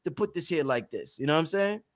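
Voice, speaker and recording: A man's voice: on the high side, sing-song, fast talker. A man hosting a workshop, talking in an emphatic, preachy way with casual profanity. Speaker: host. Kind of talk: motivational workshop talk.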